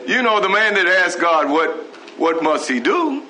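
A man's voice: high voice, very animated, normal speed, pushed and bright, rough recording. A man preaching a sermon, asking the congregation rhetorical questions. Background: congregation responding.

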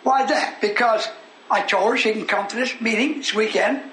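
An older man preaching a sermon in a folksy way that rises into shouted fervor. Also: high-pitched, moderate pace, a little hiss or hum. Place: church meeting hall. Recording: echoey room with congregation.

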